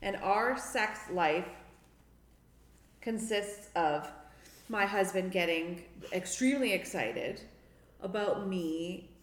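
A married woman in a podcast chat, speaking unabashedly and with deliberate, drawn-out phrasing. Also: mid-range voice, echoey room, slight background noise. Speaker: podcast co-host. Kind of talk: frank casual chat.

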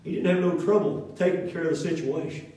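A middle-aged man preaches in a church, his voice set high for a man and rising and falling as he builds his points. He talks folksy and plain, trading call and response with the room. The sound is echoey and a little distant from the mic. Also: fairly quick, warm tone, a little hiss or hum. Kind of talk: preaching a sermon.

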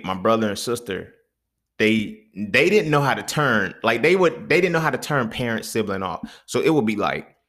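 Animated, profane young man telling stories. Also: vocal fry. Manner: animated, profane slang, swings from low mutters to loud bursts. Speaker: podcast host. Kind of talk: casual storytelling monologue.

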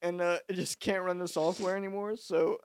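A man's voice: sits high, fairly even intonation, brisk, clean tone. A young man co-hosting a podcast, chatting casually in a laid-back, self-mocking way. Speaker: podcast co-host. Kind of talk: casual chat.

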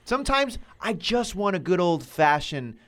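A man's voice: high voice, sing-song, moderate pace, a bit bright. A man co-hosting a casual wrestling podcast, blunt and exasperated, swearing constantly. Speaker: podcast co-host.

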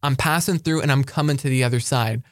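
An energetic man gives a sermon-style talk to high school students, pressing his points with emphatic repetition. His voice sits at a middle pitch. The sound is close and dry, with no room echo. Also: fast talker. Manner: energetic, emphatic, repeats key phrases.

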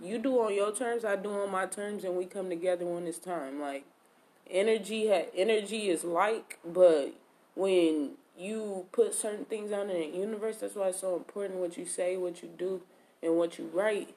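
A woman's voice: mid-range voice, normal speed, warm tone. A woman casually telling a personal story, in slangy, profane talk full of "like" and reported speech. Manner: slangy, profane, lots of 'like' and quoted speech.

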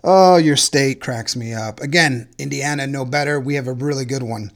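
A man's voice: medium pitch, normal speed. A man hosting a podcast in casual chat, ranting in a profane, incredulous way about strange news stories. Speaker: podcast host.

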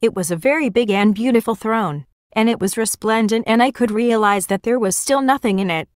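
A woman's voice: a little high, fairly quick, no room sound. Woman narrating in a dry, close sound. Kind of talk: first-person religious vision testimony.

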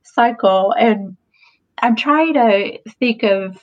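Guesting on a podcast, a forties-aged woman with a fairly high voice tells stories slowly in a relaxed chat. Chatty and quick to laugh, she leans on lots of fillers. The audio sounds dull.

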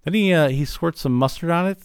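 A man's voice: a little high, fairly quick, clean tone, no echo, clean studio sound. A man from Illinois hosting a podcast, retelling a cartoon episode in a casual, rambling way with lots of fillers. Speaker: podcast host.

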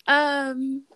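A woman's voice: sits high, sharp tone, no room sound. A woman who is a guest on a podcast, chatting casually, giggly and a little hesitant. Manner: giggly, hesitant, self-deprecating. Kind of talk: casual interview chat.

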